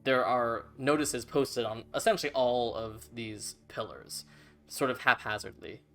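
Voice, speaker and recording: A man narrating a tabletop game as game master, in a relaxed, casual way with many fillers. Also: mid-range voice, unhurried, creaky.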